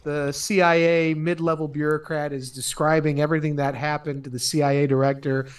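A man's voice: a little high, level tone, brisk, clean tone. A man in casual podcast chat, laid-back and agreeable, chuckling along.

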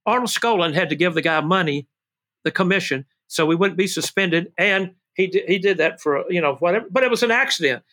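Older man, excitable interview guest, high bright voice. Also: a little fast. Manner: excitable, shouts "woo", calls people baby and brother. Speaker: guest, former wrestling manager. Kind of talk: animated storytelling interview.

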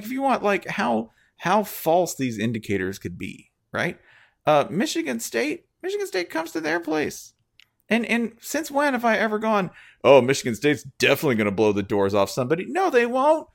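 Animated sarcastic man hosting a podcast. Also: very high-pitched, unhurried, vocal fry. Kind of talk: casual sports podcast chat.

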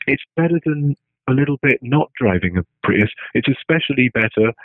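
A man's voice: lowish voice, no echo. Man musing hesitantly on a tinny line. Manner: hesitant, restarts often, keeps asking "right?". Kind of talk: casual spoken musing. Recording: tinny phone-like line, dry.

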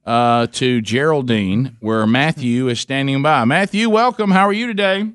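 A man with a Southern American drawl runs a call-in radio show, joking easily with callers. His voice sits at an ordinary pitch and is caught close and dry on a studio mic. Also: lively intonation, a bit bright, clean tone, no echo. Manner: jokey, easygoing, quick to laugh. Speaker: radio talk show host. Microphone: studio microphone.

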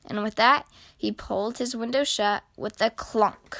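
A woman reading a children's picture book aloud, with expressive storytelling. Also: on the high side, unhurried, no echo.

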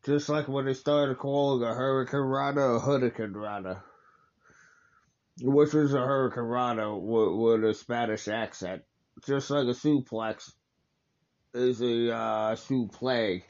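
Man, gravelly voice, rambling watch-along commentary, enthusiastic, dull lo-fi recording. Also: medium pitch, unhurried, darkish tone. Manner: rambling, enthusiastic, full of fillers and restarts.

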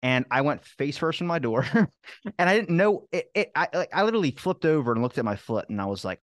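Fast-talking man telling rambling stories. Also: a little high, sing-song, no echo. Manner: rambling anecdotes, quick restarts, casual swearing. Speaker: podcast guest. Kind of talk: casual storytelling chat.

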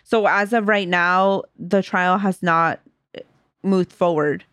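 Young woman cohost, kinda low voice, laughs at herself a lot, dry close mic. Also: fairly even intonation, slow, a bit bright, smooth, no room sound. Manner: self-deprecating, laughs at her own stumbles. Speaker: podcast co-host. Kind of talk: casual podcast chat.

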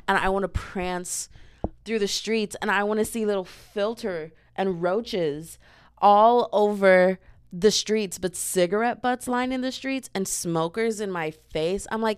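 Young woman host, sassy comedic riffing, smooth clear tone, mid-range pitch. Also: unhurried. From Southern United States. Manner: chatty, sassy, animated with sudden loud outbursts. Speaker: podcast host. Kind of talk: casual comedic monologue.

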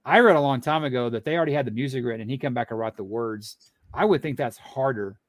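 Man, podcast co-host, rambling storyteller, mid pitch, dry close sound. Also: fast talker, no echo. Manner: rambling storyteller, lots of fillers and restarts. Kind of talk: casual chat.

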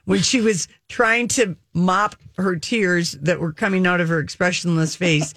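A woman's voice: lowish voice, steady tone, measured pace, fairly bright tone, no echo, studio quality. Blunt, gossipy woman co-hosting a chat. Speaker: podcast co-host. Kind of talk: casual chat.

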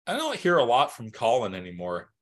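Bright, forceful-voiced man chatting loosely. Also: medium pitch, huge pitch swings, fairly quick. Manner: loose and profane, laughs often, stammers on restarts. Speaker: podcast co-host. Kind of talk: casual chat.

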